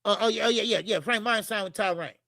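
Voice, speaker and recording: Middle-aged guy ranting about boxing on his stream, cussing, repeating himself, bright punchy voice, dry close sound. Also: sits high, quick pace, vocal fry, no room sound. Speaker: boxing channel host. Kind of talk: live-stream commentary, reading chat.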